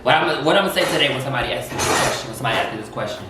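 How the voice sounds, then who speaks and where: A man's voice: medium pitch, racing, very noisy. A man talking openly and animatedly at home, telling stories and acting out quotes. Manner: open, animated storytelling with acted-out quotes. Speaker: co-host. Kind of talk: casual chat. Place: home kitchen. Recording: echoey room, mic far off.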